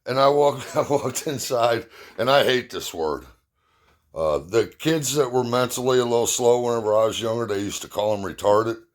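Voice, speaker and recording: A man's voice: mid-range voice, expressive, moderate pace. A middle-aged man casually telling rambling, profane, self-mocking stories and jokes to his viewers. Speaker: vlogger. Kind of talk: casual storytelling.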